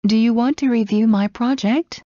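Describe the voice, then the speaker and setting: A woman slowly reading everyday English phrases one at a time for learners. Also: fairly high pitch, warm tone, dry recording, dull audio. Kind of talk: slow scripted phrase reading.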